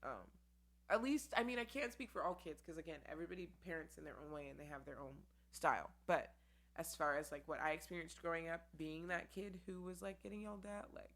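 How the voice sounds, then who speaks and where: A woman hosts her own solo podcast, talking to camera in a loose, candid way. Her voice sits low, and she rambles with frequent "um" and "like". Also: fairly quick, a bit bright. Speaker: podcast host. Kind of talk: casual solo podcast chat. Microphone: camera with mic.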